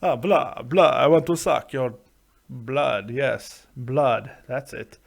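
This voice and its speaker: A man's voice: mid-range voice, steady tone, slow, gravelly, breathy edge, pitched below the performer's own voice, full character voice. A man putting on the voice of a campy male vampire count with a thick old-world accent, drawling in exaggerated, sinister hamming. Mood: hammy menace.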